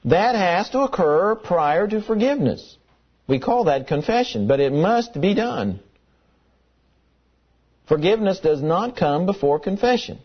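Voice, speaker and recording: A man's voice: high voice, animated, measured pace, breathy edge. Emphatic male preacher, muffled recording. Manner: emphatic, repeats key words for stress. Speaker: pastor. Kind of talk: sermon.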